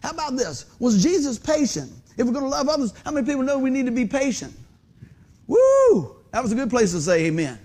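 A man's voice: very high voice, fairly quick. A pastor in his fifties preaching a conversational sermon in a church, quizzing the congregation and joking about himself. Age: 50s. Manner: animated, quizzes the congregation, self-deprecating humor. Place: church sanctuary under stage lights.

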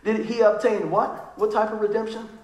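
Lively high-voiced preacher in an echoey church. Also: male voice, normal speed, slight background noise. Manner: lively, conversational preaching with acted-out quotes. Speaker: pastor. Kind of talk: sermon. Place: church sanctuary.

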